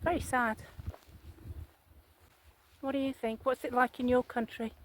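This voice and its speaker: A woman's voice: fairly high pitch, fairly even intonation, a little slow, a little hiss or hum, rough recording. A woman, talking casually to her viewers in a rambling, chatty vlog monologue and putting questions to them. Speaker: vlogger.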